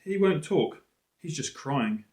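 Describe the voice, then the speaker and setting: Gentle, worried young girl, voiced by a man. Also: on the high side, lively intonation, slow pace, voice pushed up. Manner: soft and anxious. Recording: roomy echo.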